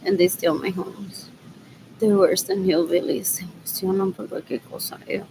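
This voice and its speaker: A woman's voice: mid-range voice, fairly even intonation, moderate pace, background noise. A woman vlogging in a rambling monologue, repeating herself, drifting between thoughts and muttering asides with Spanish words mixed in.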